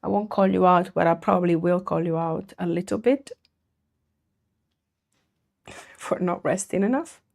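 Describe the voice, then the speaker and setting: Chatty woman with a creaky voice. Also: on the low side, moderate pace, long pauses, darkish tone. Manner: chatty, laughs often, greets and answers chat. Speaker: artist streaming while painting. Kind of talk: casual livestream chat with viewers.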